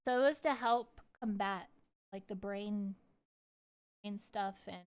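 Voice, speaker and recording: A woman's voice: medium pitch, takes it slowly, clear, resonant tone. A woman streamer chatting casually on a live stream, playful and rambling, swearing freely. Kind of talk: casual livestream chat.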